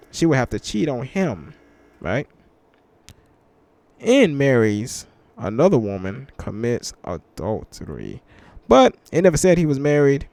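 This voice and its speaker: A young man giving casual reaction commentary in relaxed slang, slowing down when he reads verses aloud. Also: mid-range voice, no room sound. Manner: laid-back slangy banter, reads scripture slowly. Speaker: commentary channel host. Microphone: headphones with mic.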